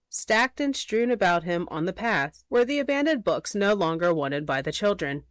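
Expressive woman reading a storybook. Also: mid-range voice, normal speed, hardly any pauses, dry recording. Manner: expressive, playful. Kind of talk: storybook read-aloud narration.

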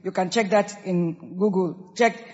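A woman pastor with a Nigerian accent preaching a sermon, emphatic and lively, acting out quoted people. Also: lowish voice, a little slow. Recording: dull sound with long hall reverb.

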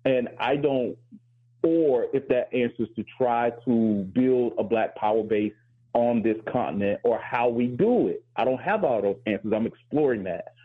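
A man's voice: mid-range voice, normal speed, husky, narrow, tinny audio. A male professor on a talk show, speaking in a thoughtful, candid way with flashes of self-deprecating humor. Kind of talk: reflective talk-show discussion.

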